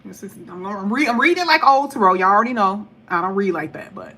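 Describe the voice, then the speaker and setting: A woman giving a casual tarot reading to camera, talking in a chatty, blunt way with animated asides. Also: mid-range voice, quick pace. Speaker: tarot reader.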